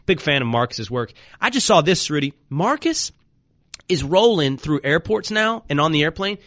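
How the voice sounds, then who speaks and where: A man hosting a sports talk radio show, animated and joking with quick asides. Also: fairly high pitch, no echo, clean studio sound.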